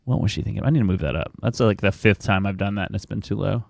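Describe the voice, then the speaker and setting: A man's voice: fairly low pitch, fast talker, creaky, darkish tone, dry recording, clean studio sound. A man streaming live, chatting casually with viewers and telling rambling stories about his family with frequent chuckles. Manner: rambling storyteller, chuckles often.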